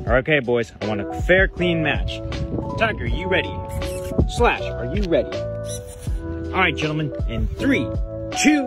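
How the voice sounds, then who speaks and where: A young man in his late teens, playfully talking to his toy trucks and calling their game like an excitable sports commentator. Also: a little high, unhurried, pauses often, over loud music. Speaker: video creator. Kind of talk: comic skit with mock sports commentary.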